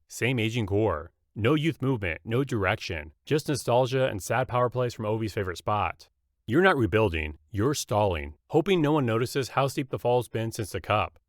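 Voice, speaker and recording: A man narrating a scripted comedy roast in a mocking, punchy deadpan. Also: mid-range voice, no room sound, studio quality.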